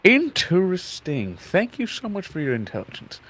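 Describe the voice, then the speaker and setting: A man voicing a theatrical, gentlemanly male entertainer who speaks in flowery, old-fashioned phrases. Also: high-pitched, huge pitch swings, normal speed, a little hiss or hum, pitched above the performer's own voice, heavily acted. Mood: courteous.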